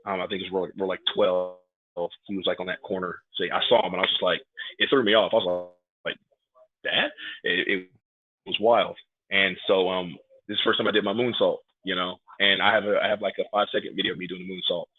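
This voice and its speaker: A fast-talking man with a low, husky voice, he is a pro wrestler in his thirties from New York who grew up in Atlanta. As a guest in a casual podcast interview, he tells lively stories and plays out the quotes. There's no echo, though the line sounds tinny and phone-like.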